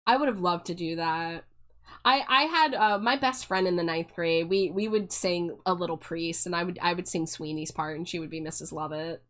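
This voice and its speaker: A woman's voice: on the low side, normal speed, a bit bright. A young woman streaming live, chatting casually with viewers, giggling and restarting her phrases as she goes.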